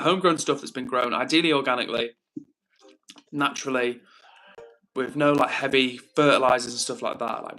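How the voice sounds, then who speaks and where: A man's voice: medium pitch, sharp tone. A young man hosting a livestream, chatting casually and reading viewer comments aloud. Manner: chatty, upbeat, reads chat messages aloud. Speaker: livestream host.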